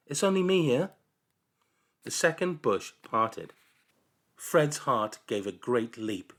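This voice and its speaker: A man reading a children's novel aloud with expressive storytelling. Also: mid-range voice. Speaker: reader.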